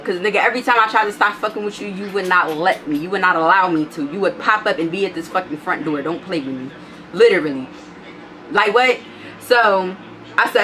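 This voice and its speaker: A woman's voice: on the low side, pushed and bright, slight background noise. A woman vlogger with a child tells a personal story in a casual, blunt, profane way, acting out both sides of an argument. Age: adult, has a child. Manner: blunt, profane, retells arguments in quoted back-and-forth.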